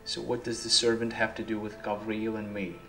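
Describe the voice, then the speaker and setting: A man's voice: lowish voice, monotone, a little fast, a bit bright, soft background music. An actor playing a puzzled young man who keeps asking questions, uncertain, in film dialogue. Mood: questioning.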